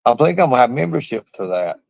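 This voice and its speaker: A man's voice: medium pitch, very animated, fast talker, vocal fry, darkish tone, dry recording, highs cut off. A man hosting a livestream, ranting in a boastful, profane, mocking way. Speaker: livestream host. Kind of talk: casual livestream rant.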